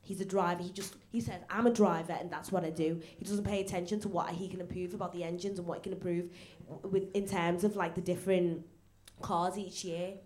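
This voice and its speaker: A woman's voice: on the low side, level tone, brisk, darkish tone, slight background noise. A woman co-hosting a live podcast, making her points emphatically and repeating them. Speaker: podcast co-host.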